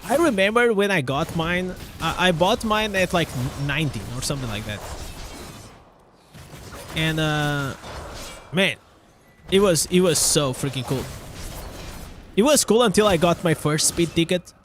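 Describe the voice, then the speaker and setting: Animated Portuguese-accented young streamer. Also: male voice, on the high side, unhurried, long pauses, a little hiss or hum. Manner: animated, stammering restarts, swears casually. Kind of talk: casual live-stream chat.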